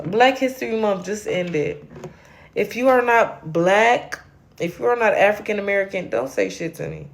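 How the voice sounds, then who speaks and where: A woman hosts a late-night livestream, a little tipsy and fully confrontational. She rants and cusses at her viewers in a brash, mid-pitched voice. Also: a little hiss or hum. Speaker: livestream host.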